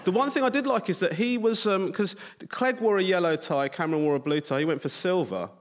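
A comedian on a panel, halting and laughing while he makes deadpan absurd jokes. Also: high-pitched. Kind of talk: comic panel discussion. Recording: loud background noise.

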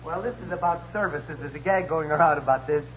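A man on a radio comedy panel telling a joke in a folksy, unhurried way. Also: fairly high pitch, fairly bright tone, slight background noise. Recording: dull old radio recording.

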